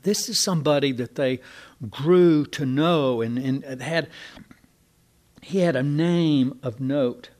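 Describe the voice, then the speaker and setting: A man's voice: on the high side, slow pace, darkish tone. Older male preacher, folksy and digressive in delivery. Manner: folksy, digressive, with many restarts and asides. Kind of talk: sermon.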